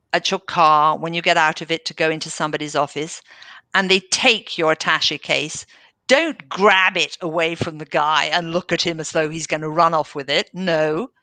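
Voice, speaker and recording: An enthusiastic woman guest on an interview podcast, telling stories in a bright, forceful voice. She slips into the voices of the people she quotes. The sound is dry and close, with little room echo. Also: deep voice. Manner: enthusiastic, animated, acts out quoted dialogue. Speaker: managing director, podcast guest. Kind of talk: casual interview storytelling.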